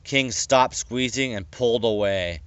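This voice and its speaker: A man reading his own story aloud in a plain, unhurried way with small stumbles. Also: mid-range voice, fairly bright tone, clear, resonant tone, highs cut off. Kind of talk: casual audiobook reading.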